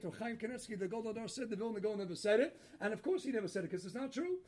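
A man teaching a Torah class, telling rabbinic stories in an animated way and laughing at his own punchlines. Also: sits high, very fast, hardly any pauses.

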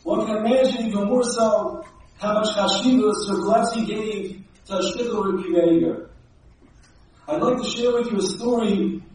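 High-voiced man lecturing in an echoey hall. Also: darkish tone, distant mic, a little hiss or hum. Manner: earnest, measured storytelling. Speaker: rabbi giving a talk. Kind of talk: yeshiva-style lecture with stories.

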